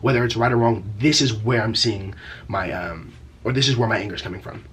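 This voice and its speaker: Young man, casual storytime vlog, lowish pitch, rapid rambling delivery, profane slang. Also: fairly bright tone, husky. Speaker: vlogger.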